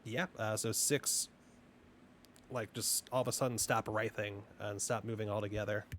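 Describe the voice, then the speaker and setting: A man running a tabletop game as game master, explaining rules in a rambling way with lots of fillers and sudden fast bursts. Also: fairly low pitch, steady tone, a bit bright, faint music behind.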